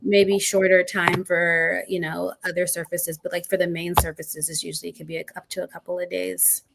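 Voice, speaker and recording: A woman appearing as a health services guest, offering measured advice with frequent "you know" fillers. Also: fairly low pitch, level tone, gravelly, background noise. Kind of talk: casual health discussion.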